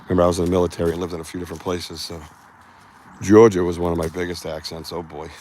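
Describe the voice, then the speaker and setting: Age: middle-aged. Sex: man. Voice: lowish. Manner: rambling, loose talk. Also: flat delivery, racing, a little mellow, slight background noise. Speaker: host of a live Bigfoot research show. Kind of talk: casual live-stream chat. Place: outdoors in the woods.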